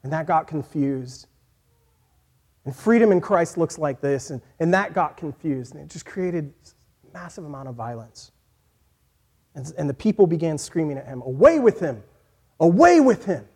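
A man preaching a sermon in an earnest voice that moves from quiet, reflective passages to emphatic points. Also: on the high side, normal speed, long pauses. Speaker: pastor.

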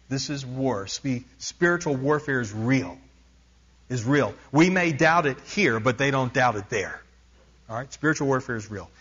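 A male preacher reads a dramatic story from a book to his congregation. His voice sits at a middling pitch and grows louder as the tension builds. The recording is dull and lo-fi. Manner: reads aloud with rising intensity, stops to explain asides. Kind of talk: sermon reading a missionary book aloud.

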